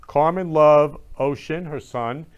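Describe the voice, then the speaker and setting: A man hosts a talk show, effusive and emotional. He often breaks into loud exclamations, and his voice sits a little high for a man. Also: takes it slowly, clear, resonant tone, highs cut off. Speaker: show host. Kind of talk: effusive casual chat.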